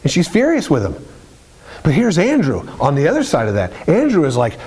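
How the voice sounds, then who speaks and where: A man's voice: on the high side, huge pitch swings, fairly quick, darkish tone, breathy edge. A man preaching a sermon with emphatic, repetitive phrasing.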